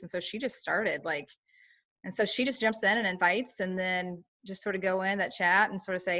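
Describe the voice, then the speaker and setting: A woman's voice: medium pitch, brisk, a bit bright. A woman chatting casually on a team call, full of fillers and acting out what others said. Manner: chatty, lots of fillers, acts out quoted talk. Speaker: team member sharing her experience.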